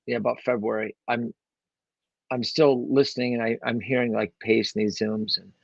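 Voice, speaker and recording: A man's voice: mid-range voice, level tone, moderate pace, vocal fry, no echo, dull audio. A man telling his story as an interview guest, rambling along with lots of fillers and restarts. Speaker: guest, real estate investor. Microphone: own microphone.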